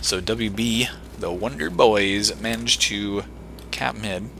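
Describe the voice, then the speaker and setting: A man giving live play-by-play commentary on a competitive video game match, excitable and full of joking asides. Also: fairly low pitch, takes it slowly, slight background noise. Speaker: esports shoutcaster.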